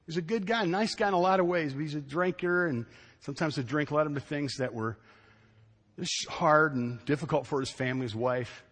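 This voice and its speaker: A middle-aged man preaching a sermon as pastor, telling a family story in an animated way and repeating phrases for emphasis. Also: mid-range voice, big-room sound.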